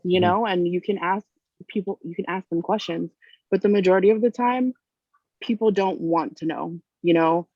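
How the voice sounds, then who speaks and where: A woman's voice: on the low side, moderate pace. A woman guest speaking bluntly, her thoughts winding through filler words. The sound is dull and lo-fi, and dry with no room echo. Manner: rambling, frank, full of "like" and "you know". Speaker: podcast guest. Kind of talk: casual chat. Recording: muffled lo-fi sound.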